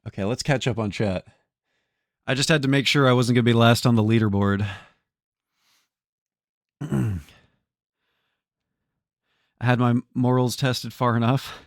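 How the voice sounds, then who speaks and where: Male live streamer, casual and excitable, quick to curse, medium pitch, dry close mic. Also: no room sound. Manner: excitable, swears a lot, thanks chat. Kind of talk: casual live-stream chat while playing.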